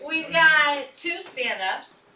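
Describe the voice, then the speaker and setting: A woman's voice: sits high, animated, drawn-out words. A woman hosting a live comedy show, introducing acts cheerfully with laughter in her voice. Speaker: show host. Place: small comedy room on a live stream. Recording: echoey room, distant mic, loud noise.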